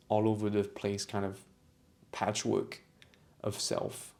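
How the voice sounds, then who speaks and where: A man's voice: fairly low pitch, little pitch movement, takes it slowly, gravelly, pauses often, a little mellow. A man talking reflectively to camera about his own experience, with frequent restarts, repeated phrases and moments of emotion. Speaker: vlogger on autistic culture. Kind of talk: reflective personal monologue.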